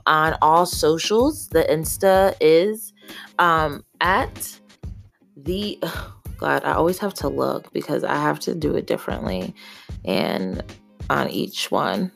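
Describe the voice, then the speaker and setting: A woman's voice: sits low, creaky. A young woman hosting her own podcast, talking earnestly and emotionally in a candid, profane solo monologue. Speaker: podcast host.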